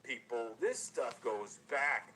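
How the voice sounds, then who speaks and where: A man's voice: mid-range voice, expressive, takes it slowly, sharp tone. Blunt, cursing man on a noisy stream. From New Jersey. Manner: blunt, profane, repetitive. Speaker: YouTuber. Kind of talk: livestream rant to viewers.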